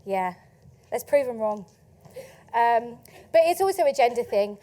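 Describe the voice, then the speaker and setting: A woman with an Essex accent giving a lively, chatty conference talk, asking the audience questions and laughing often. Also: on the high side, unhurried. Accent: Essex English. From England. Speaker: conference speaker. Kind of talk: keynote talk to a live audience. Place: conference stage.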